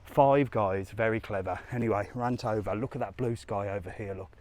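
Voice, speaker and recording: A man's voice: lowish voice, normal speed, a little mellow. A man doing a live walking vlog, chatting cheekily and rambling as he strolls along a seaside resort promenade, filming on a handheld phone. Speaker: travel vlogger.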